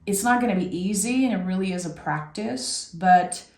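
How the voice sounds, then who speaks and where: A woman from Québec giving an intuitive tarot reading in a reflective, meandering, gently encouraging way. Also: medium pitch, normal speed. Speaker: tarot reader. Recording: echoey room.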